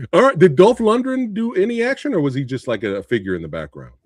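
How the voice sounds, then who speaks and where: A man's voice: high voice, sing-song, brisk, darkish tone, slightly rough, no room sound. A man hosting a casual movie discussion show, upbeat and playful, laughing often. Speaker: podcast host.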